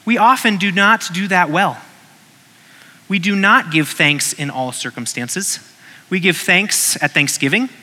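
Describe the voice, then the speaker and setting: A man's voice: high-pitched, unhurried, pushed and bright, in a large hall. A man preaching a sermon in a conversational way, reading scripture and acting out short voices.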